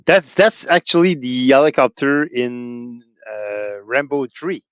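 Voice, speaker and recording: A man's voice: medium pitch, slow, no echo, muffled recording. A man co-hosting a casual chat, chiming in with short, playful, teasing remarks.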